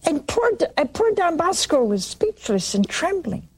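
A woman preaching, retelling a saint's vision with quoted dialogue and halting restarts. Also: very high voice, sing-song, darkish tone. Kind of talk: sermon storytelling.

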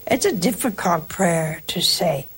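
A woman hosting a religious call-in show, giving an earnest, reflective spiritual talk in slow, emphatic parallel phrases. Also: on the low side, lively intonation, breathy edge.

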